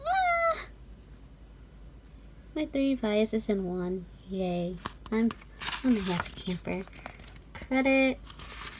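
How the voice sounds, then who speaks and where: A young woman vlogger gushing through an unboxing in casual chat, often dropping into soft whispered asides. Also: mid-range voice, takes it slowly, noisy background.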